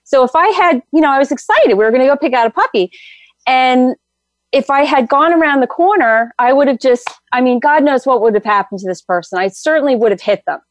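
A middle-aged woman guest telling her story in an animated, rambling way with many fillers. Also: high voice, brisk, no echo. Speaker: guest, energy healer. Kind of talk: casual interview storytelling.

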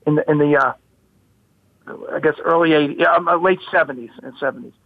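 A man in his fifties telling a childhood story as a guest, animated and repeating his words. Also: fairly high pitch, quick pace. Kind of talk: casual storytelling. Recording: phone-like radio line.

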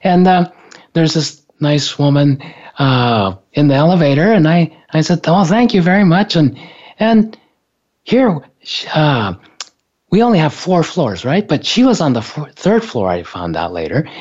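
A man's voice: a little high, big pitch swings, measured pace, a little mellow. A man casually telling a personal story in a rambling, hesitant way, often stopping and restarting. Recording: dull lo-fi recording.

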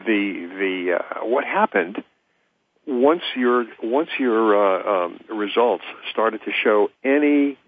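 A man hosting a health talk radio show, speaking haltingly with many fillers and restarts. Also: sits low. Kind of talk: hesitant talk radio interview. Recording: tinny phone-line sound.

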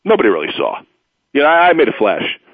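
A man hosting a sports talk radio show, rambling through stories and blunt opinions in an animated, storytelling way. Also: medium pitch, fast talker, breathy edge, no echo. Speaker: radio host. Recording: tinny phone-like radio audio, dry.

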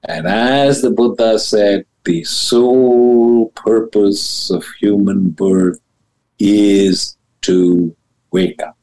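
A man with a somewhat low voice teaches spiritual ideas as a podcast guest. He talks emphatically, leaping up in pitch to stress a point and then settling back down, and he mixes blunt casual words into his teaching. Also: fairly even intonation, extremely slow, dark tone, low-quality recording. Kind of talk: animated interview talk about spirituality.

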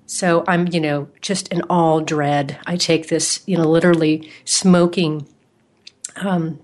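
A woman hosting an interview, telling a personal story in a lively, animated way. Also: deep voice, unhurried. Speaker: podcast host.

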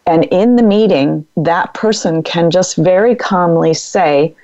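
A middle-aged woman speaking as a guest in an interview, giving advice in a calm, measured coaching way. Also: fairly low pitch, dull audio. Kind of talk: interview conversation.

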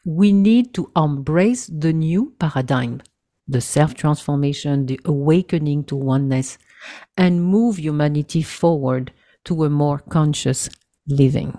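A woman's voice: deep voice, a little slow, warm tone. A woman hosting an interview, affirming her guest and asking reflective questions. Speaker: podcast host.

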